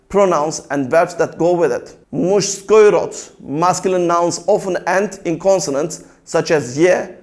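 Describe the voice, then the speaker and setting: High-voiced man reciting a language lesson. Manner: slow, deliberate word-by-word recitation with pauses; calm explanatory delivery. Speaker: language teacher. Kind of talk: scripted language lesson narration.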